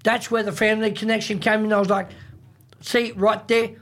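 A man's voice: sits high, level tone, fairly quick, gravelly, fairly bright tone. A man with an Australian accent hosting a casual chat, telling a rambling story and repeating himself. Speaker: host.

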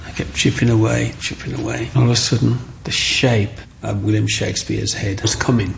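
A man's voice: mid-range voice, fairly quick, a little hiss or hum. A middle-aged man, telling his life story in an interview and acting out the people in it. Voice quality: gravelly. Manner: animated, acts out voices in his stories.

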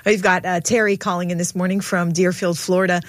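A woman's voice: fairly low pitch, level tone, no echo. A woman co-hosting a faith call-in show, with a dry studio sound. She reacts eagerly to each caller. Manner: enthusiastic, quick to exclaim. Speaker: radio co-host. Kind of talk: Christian radio call-in show.

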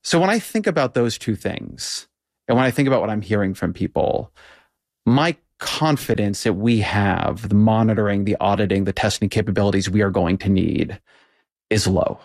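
A man with a low voice leads an interview, setting out views in a measured way before putting pointed questions. His sound is close and dry, without room echo. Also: animated, a little mellow. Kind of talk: interview conversation.

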